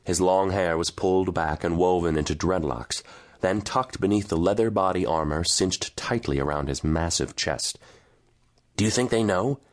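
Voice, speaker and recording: A man giving measured, grave scripted narration of a fantasy audiobook. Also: sits low.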